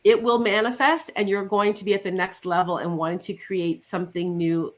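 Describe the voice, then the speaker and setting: A woman's voice: medium pitch, brisk. A woman life coach, a guest on a talk show, chatting casually and telling client stories with acted-out quotes. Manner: animated storytelling with acted quotes. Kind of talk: casual interview chat.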